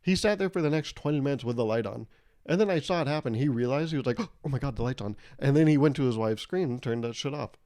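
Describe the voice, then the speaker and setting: A man's voice: medium pitch, fast talker, a little mellow. Joking young man rambling on a podcast. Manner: rambling, joking, laughs often, swears. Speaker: podcast host. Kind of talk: casual solo podcast monologue.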